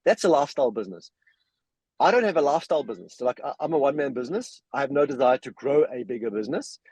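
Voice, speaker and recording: A man's voice: mid-range voice, animated, very fast, darkish tone, breathy edge, dry recording, poor audio. A man in a casual podcast discussion, telling anecdotes and making his points with emphasis. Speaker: regular guest.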